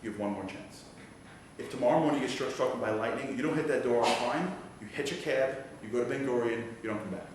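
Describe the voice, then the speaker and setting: A man voicing a calm, stern army commander who speaks low and steady, heard from far off in an echoey hall. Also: quick pace, background noise, natural voice.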